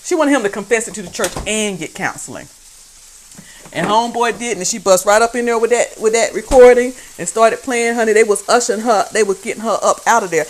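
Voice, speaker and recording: A woman's voice: fairly high pitch, a little fast, slight background noise, rough recording. A woman hosts a laid-back talk stream from her kitchen, chatting in a folksy way and laughing often. She trails off into fillers as she talks. Food sizzles faintly in a pan behind her. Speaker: host commenting on church videos. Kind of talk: casual live-stream commentary. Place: home kitchen while cooking. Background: faint frying and sizzling.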